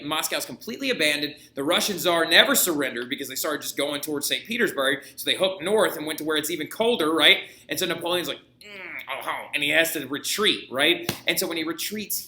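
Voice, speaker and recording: A man's voice: a little high, pushed and bright. A man teaching a history lesson in a casual, jokey way, checking in with his students again and again. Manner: casual, jokey, keeps asking "right?". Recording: echoey room.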